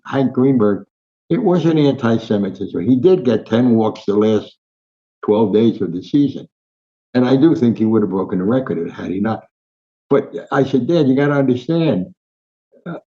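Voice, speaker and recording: Older man, interview guest, lively storyteller, mid-pitched voice, slightly dull lo-fi recording. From Newark, New Jersey, US. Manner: animated raconteur, acts out quoted voices. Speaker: interview guest, sports columnist.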